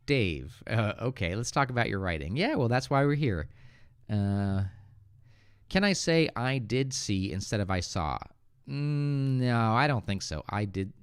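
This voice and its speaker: A man from the Northeastern United States with an American accent, relaxed and joking as he reads viewers' comments aloud and corrects them on a live English lesson, speaking into a good microphone. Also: medium pitch, measured pace, clean tone, no room sound, clean studio sound. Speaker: English teacher hosting a livestream. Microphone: good studio microphone.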